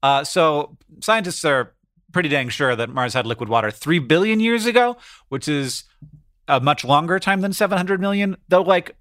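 A man's voice: a little high, animated, moderate pace, a bit bright, no room sound, studio quality. A man co-hosting a casual podcast, playful and rambling, reading science news with offhand asides. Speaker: podcast co-host.

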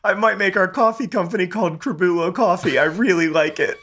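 Bright joking podcast man. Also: high-pitched, brisk. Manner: joking, teasing, laughs often. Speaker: podcast co-host. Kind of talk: casual podcast chat.

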